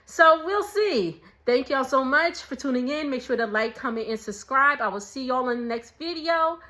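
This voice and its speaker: A young woman hosts a chatty reality show recap into a close mic. She has a bright, clear, forward tone. She pitches a little high and keeps her delivery lively, often acting out what the cast said. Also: normal speed. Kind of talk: casual recap monologue.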